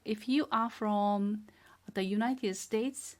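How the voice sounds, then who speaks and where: A woman teaching a beginner language lesson, speaking slowly and clearly, repeating each word and praising the learners. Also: medium pitch. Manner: patient, drills words twice and praises learners. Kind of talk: slow, clear classroom instruction.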